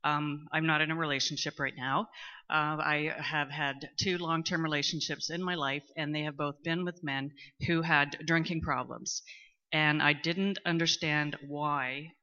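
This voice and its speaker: A middle-aged woman, speaking candidly in a personal testimony at a recovery meeting, talkative and at times loud and boisterous. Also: deep voice, fairly even intonation, moderate pace. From Canada. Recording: muffled lo-fi recording.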